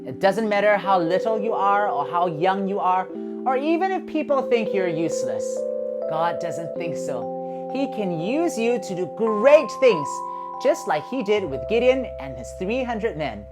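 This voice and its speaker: A woman narrating a Bible story for children, animated and expressive, with quiet music playing behind her. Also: medium pitch, a little slow. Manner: animated and expressive, with shouted sound effects.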